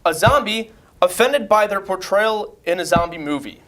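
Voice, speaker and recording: A man's voice: sits high, normal speed, background noise. A man hosting a comedy talk show, playful and laughing between lines.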